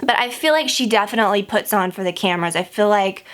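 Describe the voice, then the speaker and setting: A woman's voice: medium pitch, fast talker, fairly bright tone. A woman, a beauty vlogger, gossiping in casual chat while she does her makeup, rambling and saying "like" a lot. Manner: chatty and rambling, heavy use of "like".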